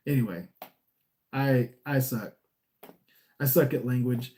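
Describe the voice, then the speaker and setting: A man's voice: medium pitch, takes it slowly, pauses often, warm tone. A man from California chatting casually on a live stream, reading viewer comments in an easygoing, smiley, rambling way. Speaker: repo agent and YouTuber.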